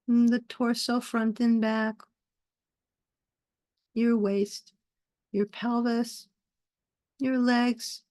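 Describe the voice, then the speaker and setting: Woman meditation teacher on a video call, unhurried and soothing, slightly high voice, dry sound. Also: no room sound. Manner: slow, soft, soothing guidance with pauses. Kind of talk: guided meditation class.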